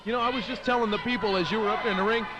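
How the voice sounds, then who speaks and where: A man's voice: sits high, steady tone, racing. Brash boastful man, taunting wrestling commentator. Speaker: heel color commentator.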